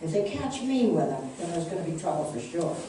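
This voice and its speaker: A woman reading aloud as a young soldier boy who speaks softly and pleadingly, in an echoey room from a distant mic. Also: lowish voice, very animated, brisk, slight background noise. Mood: urgent. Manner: soft, pleading.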